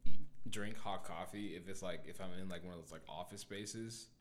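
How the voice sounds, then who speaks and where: A young man, a podcast guest, chatting casually with quick, slangy reactions. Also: low-pitched, fairly bright tone, a little hiss or hum. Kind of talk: casual chat.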